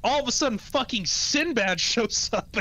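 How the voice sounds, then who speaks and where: A man's voice: very high voice, animated, normal speed, sharp tone. A man co-hosting a casual movie review podcast, loosely retelling the plot with fillers and the odd swear. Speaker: podcast co-host.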